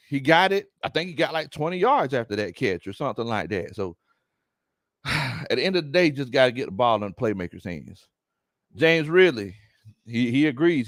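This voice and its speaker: A man's voice: medium pitch, no room sound, studio quality. A man hosting a live sports chat, reading viewer comments, teasing his audience and laughing often. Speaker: sports talk host.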